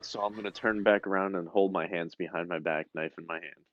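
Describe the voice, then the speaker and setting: Deep-voiced man playing a tabletop game, lo-fi. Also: steady tone, a little fast. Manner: mock-menacing interrogator in character. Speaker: player. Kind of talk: tabletop role-play.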